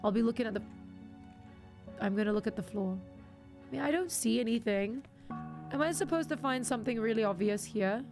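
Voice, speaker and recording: A woman streamer chatting her way through a game, talking to herself and teasing her viewers. Her voice sits a touch higher than most women's, with a loose, conversational flow. Faint music plays behind her. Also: normal speed, long pauses. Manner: chatty, talks to herself and chat, jokes with viewers. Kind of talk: casual gaming commentary. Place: home streaming setup.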